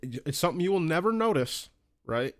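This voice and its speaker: A man co-hosting a casual podcast, telling gaming stories with lots of swearing and excited squeaky voices for his asides. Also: a little fast. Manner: animated storytelling, swears freely, jumps up in pitch for quoted asides. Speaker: podcast co-host.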